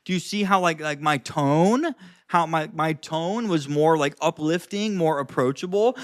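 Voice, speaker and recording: A man coaching on social skills in a casual advice vlog, animated and profane, acting out different tones of voice. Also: a little high, moderate pace, dry recording, clean studio sound.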